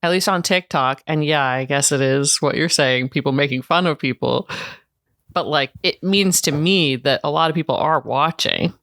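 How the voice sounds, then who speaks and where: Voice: mid-range voice, normal speed, a bit bright, no echo, studio quality. A co-host of a reality show recap podcast, chatting casually with plenty of "like" fillers.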